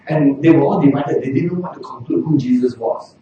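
A man preaching a sermon in a lively way, often rising to a shout for emphasis. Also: medium pitch, fairly quick, narrow, tinny audio. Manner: animated, bursts into shouting for emphasis. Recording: very echoey hall, mic far off.

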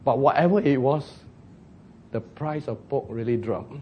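A man preaching a sermon, telling a story with jokes, acted shouts and laughter. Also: mid-range voice, unhurried, dull audio, slight background noise.

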